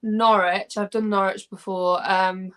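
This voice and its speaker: A woman's voice: mid-range voice, flat delivery, a little slow, a bit bright, clear, resonant tone. A young woman with an English accent chats casually about her music. She meanders, restarts her sentences and leans on fillers as she works things out. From England. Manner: chatty, rambling with many fillers and restarts. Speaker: singer. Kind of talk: casual video chat.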